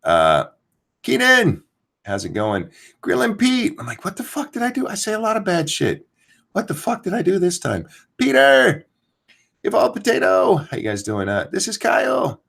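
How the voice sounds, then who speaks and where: A man's voice: sits high, huge pitch swings, moderate pace, vocal fry, a bit bright. A man hosting a casual live stream, ranting with profanity and greeting chat viewers by name while keeping his voice down. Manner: keeps voice down so as not to wake someone. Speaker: host.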